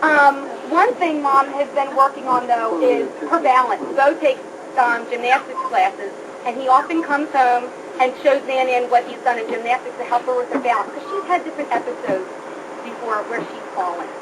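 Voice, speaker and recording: A woman's voice: high-pitched, normal speed. A middle-aged woman giving a comic roast speech, joking and laughing often, at a live party. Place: party hall with audience. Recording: live room, loud crowd and noise. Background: loud laughing crowd.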